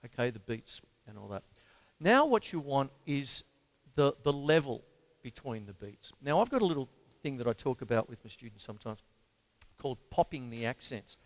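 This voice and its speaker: Speaking at a normal speed in a medium pitch that swings widely, an Australian drum teacher hosts his show as a casual lesson. Over the sound of a drum kit, he fills his chatter with fillers and calls out the beat counts rhythmically.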